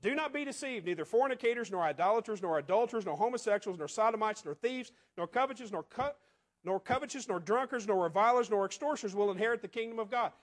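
A man preaching a sermon in a conversational way, asking the congregation rhetorical questions and often dropping to quiet asides. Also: high-pitched, animated, fast talker.

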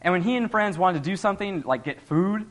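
A man's voice: sits high, animated, a little fast, fairly bright tone. A young man giving an earnest, conversational sermon, laughing often as he talks. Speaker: lay preacher.

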